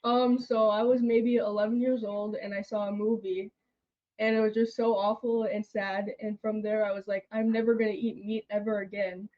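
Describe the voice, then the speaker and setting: A woman's voice: medium pitch, level tone, normal speed. Earnest young woman, slightly dull audio. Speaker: interview guest. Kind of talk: casual interview storytelling.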